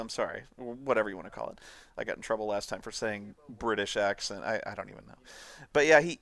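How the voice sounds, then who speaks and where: A man giving a casual, rambling commentary on a video, often laughing as he talks. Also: mid-range voice. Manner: rambling, laughing, lively storytelling.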